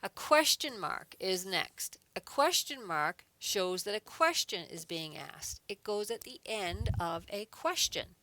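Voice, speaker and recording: A woman's voice: mid-range voice, lively intonation, takes it slowly, few pauses, bright, forceful tone, dry recording. A woman teaching an adult English class, patiently explaining grammar step by step with examples and checking in with a frequent "okay.". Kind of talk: recorded adult English lesson.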